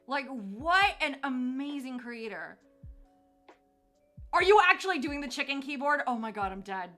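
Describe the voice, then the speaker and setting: A woman's voice: high voice, expressive, measured pace, pushed and bright, faint music behind. A young woman chatting to her viewers on a live stream, bubbly and gushing, laughing often.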